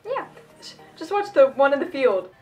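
A teenage girl chatting casually as a fan vlogger at home, answering questions and doing dares, giggly and excitable. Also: sits high, faint music behind. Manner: giggly and excitable, quick bursts of enthusiasm. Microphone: phone camera.

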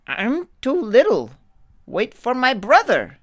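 A man's voice: very high-pitched, huge pitch swings, takes it slowly, no echo, voice pushed up, heavily acted. A man voicing the littlest billy goat in a storybook reading, begging and pleading.

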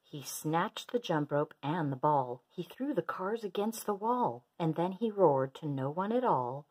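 A woman reading a children's rhyming picture book aloud in an expressive, sing-song way. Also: lowish voice, a little slow, few pauses, slightly rough. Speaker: storyteller.

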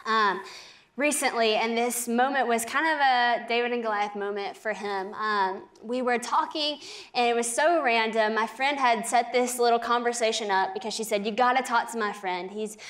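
A young American woman giving a lively, earnest faith testimony as a TV interview guest. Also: on the high side. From United States. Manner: animated storyteller, quick and earnest.

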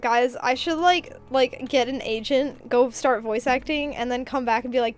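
Young woman streamer, high voice, rambling giggly chat over soft background music. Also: normal speed. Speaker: game streamer. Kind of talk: casual live-stream chat.

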